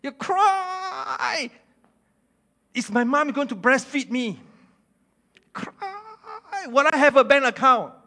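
A man's voice: very animated, slow, long pauses, pushed and bright, heavily acted. A man doing a wailing newborn baby boy. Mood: whiny crying. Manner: high whiny crying questions.

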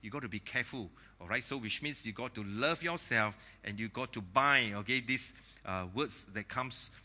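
A man preaching a sermon to a congregation, lively and joking, laughing at his own asides. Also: medium pitch, moderate pace. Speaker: pastor.

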